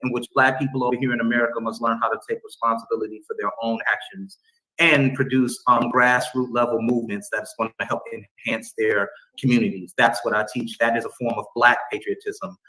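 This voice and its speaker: A man speaking calmly and deliberately in a debate clip, choosing formal words. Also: mid-range voice, poor audio. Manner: calm, deliberate, formal wording. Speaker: debate guest. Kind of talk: measured debate speech in a played clip.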